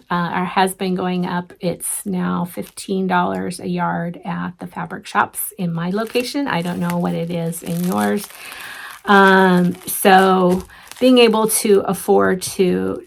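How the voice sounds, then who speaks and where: A woman's voice: medium pitch, creaky, slight background noise. A middle-aged woman hosting a casual show-and-tell craft vlog, chatty and rambling, with many ums and restarts. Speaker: flosstube host.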